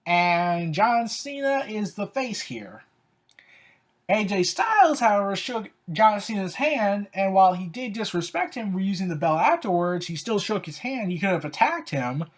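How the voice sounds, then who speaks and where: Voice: mid-range voice, sing-song, normal speed. A wrestling commentator giving casual opinion commentary, sarcastic and exasperated, with lots of "so, yeah" and "like" fillers.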